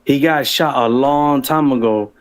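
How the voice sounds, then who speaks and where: A man's voice: mid-range voice, measured pace. A man telling his own story as a guest on a livestream, rambling and profane, with frequent restarts.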